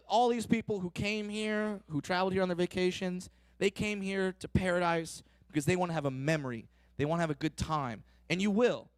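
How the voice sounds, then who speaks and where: A man's voice: dry recording, clean studio sound. A man doing live stand-up comedy, brash and profane, who works the crowd and mimics other people. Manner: brash, profane, loud punchlines, teasing the audience; mimics others in higher voices.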